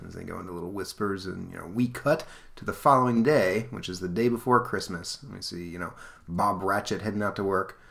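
A man's voice: low-pitched, fairly quick, vocal fry, fairly bright tone. A man casually chatting about an old comic book as podcast host, rambling with lots of fillers.

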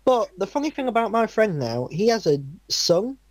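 Young guy, halting storyteller, giggly, dry close mic. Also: high voice, big pitch swings, no room sound. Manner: laughs often, halting storytelling. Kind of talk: casual chat.

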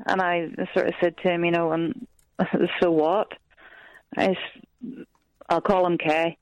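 A woman's voice: on the low side, flat delivery, unhurried, no echo, rough recording. A woman calling in to a radio phone-in, telling her story hesitantly and with lots of fillers. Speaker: caller. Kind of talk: phone-in call.

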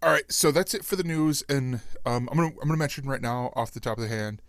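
A male podcast host in loose, casual chat, rambling and quick to laugh. His voice sits at a middle pitch. The recording is dry and close. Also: no room sound.

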